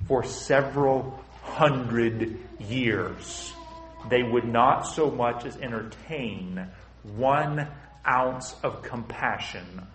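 A man's voice: medium pitch, fairly bright tone, reverberant, a little hiss or hum, poor audio. A man preaching a sermon with impassioned, emphatic, repetitive phrasing.

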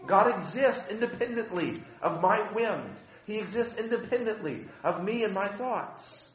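Impassioned pastor preaching in an echoey room. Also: male voice, high-pitched, expressive, a little slow. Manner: impassioned, swings from quiet to loud. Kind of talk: sermon.

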